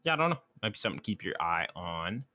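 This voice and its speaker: A man's voice: low-pitched, sing-song, fast talker, pushed and bright. A man co-hosting a gaming podcast, easygoing and laughing often as he moves topics along. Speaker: podcast co-host. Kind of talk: casual chat.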